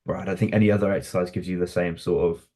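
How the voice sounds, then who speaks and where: A man's voice: low voice, flat delivery, racing, dark tone. A man co-hosting a podcast in casual chat, giving short encouraging replies and laughing along. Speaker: podcast co-host.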